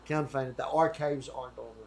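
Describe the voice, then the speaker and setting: An Irish man hosting a loose, casual debate. His talk is chatty and meandering, peppered with swearing and side tangents, and he slows right down when reading old scripture aloud. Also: mid-range voice, steady tone, vocal fry, a little mellow. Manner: rambling, swears freely, goes off on tangents. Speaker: host.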